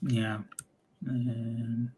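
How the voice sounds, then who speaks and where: A man's voice: medium pitch, little pitch movement, extremely slow, dark tone, slightly rough. A man hosting a livestream in casual chat, reading out donations, hesitant with many "uh"s and restarts.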